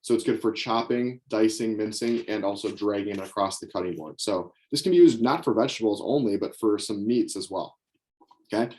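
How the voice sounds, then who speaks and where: A man's voice: fairly low pitch, brisk, darkish tone. Young male sales coach, upbeat and direct, repeats key lines for note-taking. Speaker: sales trainer. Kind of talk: sales training session. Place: indoors with knives on a table.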